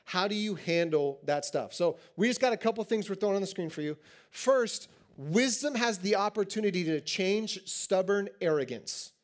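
A man in his thirties preaching to teens in a joking, animated way, acting out little scenes. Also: high voice, normal speed. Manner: animated, joking, acts out quotes. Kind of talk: sermon to teens.

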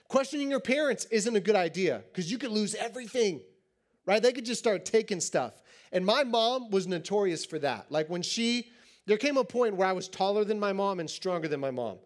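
A man in his thirties preaching to teens in a joking, animated way, acting out little scenes. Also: sits high. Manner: animated, joking, acts out quotes. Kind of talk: sermon to teens.

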